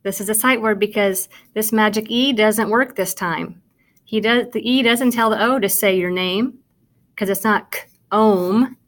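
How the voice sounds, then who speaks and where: A woman with a medium-pitched voice at a normal speed teaches kindergarten sight words. Addressing the child watching, she sounds out and spells every word in a slow, patient, encouraging way, praising them throughout.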